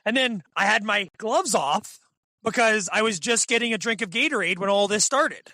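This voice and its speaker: A young man telling hunting stories as a podcast guest, in an excitable, animated way full of fillers. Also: high voice, normal speed, no echo. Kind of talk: casual storytelling.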